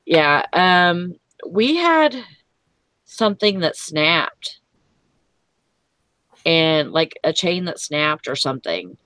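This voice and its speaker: A woman who talks very slowly, her pitch rising and falling in a lively way. She reacts with exclamations in casual group chat, and her sound is dry and close. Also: dry recording.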